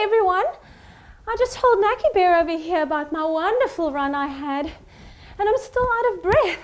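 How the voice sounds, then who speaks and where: A young woman teaching a children's recorder lesson, cheerful and sing-song, talking to the class. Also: very high-pitched. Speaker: music teacher.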